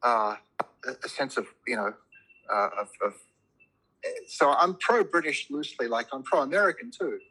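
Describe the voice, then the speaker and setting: A man with a bright, forward tone and a husky edge to his voice talks in loose podcast chat. He rambles with frequent restarts and swears freely when he gets worked up, arguing his point with strong opinions. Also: medium pitch, very animated, moderate pace, pauses often, low-quality recording. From immigrant to a Commonwealth country.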